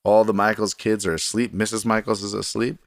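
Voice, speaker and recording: A man's voice: lowish voice, little pitch movement, brisk, vocal fry, no room sound, clean studio sound. A man hosting his own podcast alone at his desk at home, talking in a rambling, self-deprecating way. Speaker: podcast host. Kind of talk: casual solo podcast monologue. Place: desk in a home recording room.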